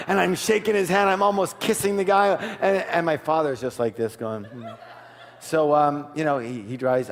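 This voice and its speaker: A middle-aged man at a seminar, telling a story with lively energy and acting out each line of dialogue. His voice sits at a mid pitch. A long reverb rings after it in a big hall. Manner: animated storytelling, acts out dialogue, asks the audience. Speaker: seminar speaker. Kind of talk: live motivational seminar talk.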